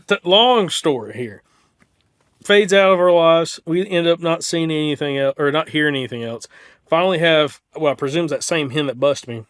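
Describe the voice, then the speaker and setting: A young man with a Southern US accent tells a hunting story on a casual podcast, with a voice that sits a little higher than most men's. He talks in an animated way, breaking off and restarting often and filling his sentences with "like". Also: normal speed, smooth. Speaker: podcast co-host.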